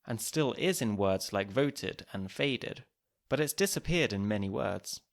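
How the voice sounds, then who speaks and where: A man hosting a podcast, reading scripted narration in a clear, measured, explanatory way. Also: lowish voice, lively intonation. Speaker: podcast host.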